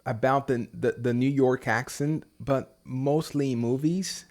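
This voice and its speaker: A man's voice: mid-range voice, fairly even intonation, a little slow, darkish tone. Thoughtful man, full of ums. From Brazil. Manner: thoughtful, hesitant with frequent ums. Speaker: podcast guest, English teacher. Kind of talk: casual interview chat.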